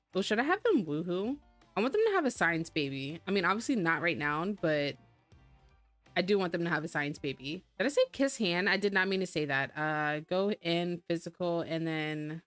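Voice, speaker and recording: Lady gamer rambling thru her let's play, lowish voice, dry close sound. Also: a bit bright, no room sound. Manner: chatty, rambling, narrates her own moves. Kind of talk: casual let's-play commentary.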